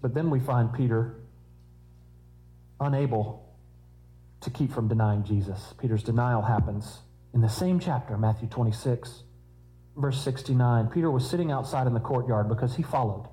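A man's voice: medium pitch, moderate pace, dark tone, low-quality recording. A man preaching a sermon in a conversational style, with humorous asides.

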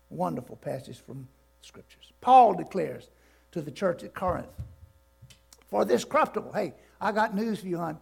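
An older male pastor preaches with a high, gravelly voice. He swings between soft asides and loud declarations and throws questions out to the congregation. His voice carries a rough, creaky edge throughout. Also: wildly swooping pitch, moderate pace, pauses often. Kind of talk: sermon. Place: church sanctuary.

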